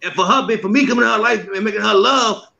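Male guest: excitable storyteller, bright, gravelly, stammering, lo-fi sound. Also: sits high, fast. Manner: excitable, stammering, laughing, shouting bursts. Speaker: skit creator and guest. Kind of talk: casual storytelling. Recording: slightly muffled lo-fi audio.

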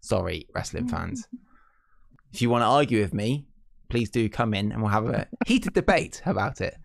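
A man's voice: on the low side, lively intonation, normal speed, creaky, dry recording, clean studio sound. A British man co-hosting a casual wrestling podcast, opinionated, ranting and repeating himself. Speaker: podcast co-host.

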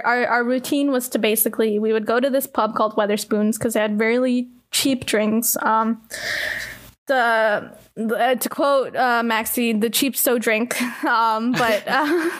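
A young woman from Canada telling a story in casual chat, animated, filling her talk with "like" and casual swearing. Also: on the high side, a little slow.

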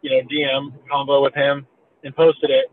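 A meme creator in his thirties, a guest on a podcast, tells a story in a medium-pitched, flat voice at normal speed. His casual chat rambles and swears, stuffed with "like" and "you know," and the audio sounds tinny, like a phone.

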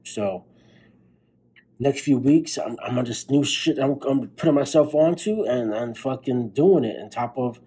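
Young male podcast host, husky and mellow, tired late-night swearing pep talk. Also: mid-range voice, animated, unhurried, low-quality recording. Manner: blunt, profane, fired-up pep talk. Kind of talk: motivational monologue.

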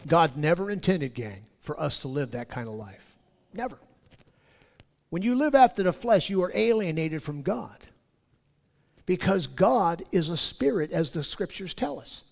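High gravelly preacher in echoing hall. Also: male voice, animated, unhurried. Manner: swells loud on key points, drops low on scripture. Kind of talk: sermon. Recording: long hall reverb.

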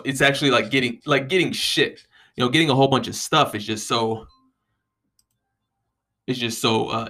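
A man's voice: medium pitch, gravelly, a bit bright. Rambling, profane young man. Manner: rambling, profane, lots of "you know what I mean". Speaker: podcast host. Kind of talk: casual solo monologue.

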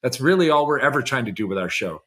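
A man co-hosting a podcast, chatting casually and warmly, with many fillers like "like". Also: mid-range voice, animated, fast. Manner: effusive, heavy use of "like", warm praise. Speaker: podcast co-host. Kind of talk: casual chat.

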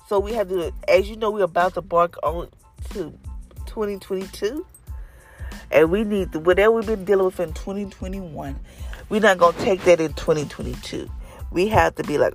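A woman's voice: on the low side, moderate pace, soft background music. A middle-aged woman and mother giving an earnest faith testimony to her viewers, stressing her points by repeating phrases. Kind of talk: heartfelt faith talk to viewers.

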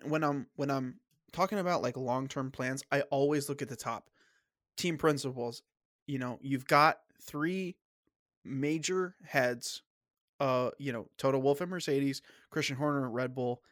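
A man hosts a casual sports podcast and argues his picks firmly, stumbling and restarting as he goes. He has a slight cough. His voice is mid-pitched and sits close and dry on the mic. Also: a bit bright, no echo. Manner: opinionated, halting with restarts. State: coughing, clearing throat. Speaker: podcast host.

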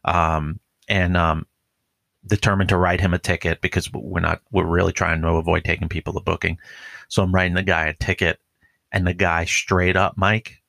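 A man's voice: low voice, level tone, normal speed, vocal fry, a bit bright, dry recording. A man who is a police officer, talking casually and profanely, rambling with lots of "like" and "dude.". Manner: rambling, profane, heavy use of filler "like". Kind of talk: casual podcast chat.

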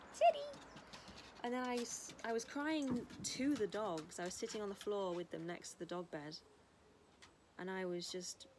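A woman's voice: mid-range voice, slight background noise. A young woman talking in an earnest, rambling way as a vlogger, sometimes baby-talking to dogs. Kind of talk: casual spiritual vlog. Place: house, indoors and outdoors with dogs.

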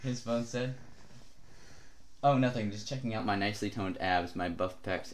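A man's voice: lowish voice, moderate pace, pauses often, a little hiss or hum. A man reading silly fan fiction aloud on a comedy podcast, laughing often as he reads. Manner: keeps breaking into laughter mid-read. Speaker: podcast co-host.

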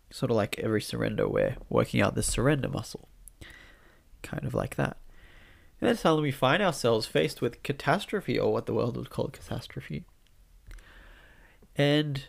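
A man gives an unhurried spiritual talk through a blocked nose, so his voice comes out nasal. Deep fry rasps under his words. His pitch sits mid-range, and he muses softly with small restarts.

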